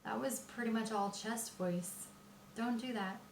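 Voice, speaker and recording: A woman voice teacher explaining singing technique in a patient, explanatory way, pausing often with fillers. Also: fairly high pitch, a little hiss or hum. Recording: roomy echo.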